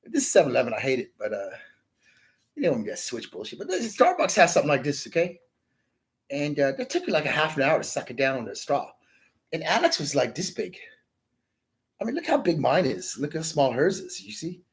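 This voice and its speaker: On the high side and husky, this man's voice is very animated and a little fast. Hosting a livestream, he rambles through a story full of swearing, ends his sentences with "man," and insists everything really happened.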